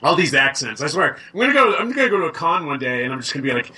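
A man's voice: fairly high pitch, animated, very fast, hardly any pauses, crowd noise. A man in casual chat, joking and playful, slipping into silly voices.

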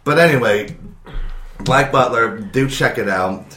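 A man co-hosting a casual podcast, giving a rambling, relaxed review of an anime. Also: mid-range voice, unhurried, reverberant. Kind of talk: casual chat.

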